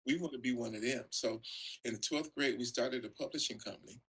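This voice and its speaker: Husky older man telling stories. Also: medium pitch, a little fast, a bit bright, rough recording. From Oakland, California. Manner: rambling, peppered with "you know" and chuckles. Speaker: music producer and songwriter guest. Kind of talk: casual storytelling interview.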